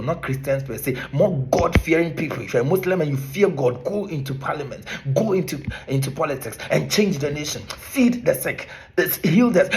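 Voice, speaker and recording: A Ghanaian man with a fairly high-pitched voice rants straight to camera, firing off one rhetorical question after another. His tone is indignant and scolding throughout, like a former teacher lecturing people who should know better. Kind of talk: impassioned monologue to camera.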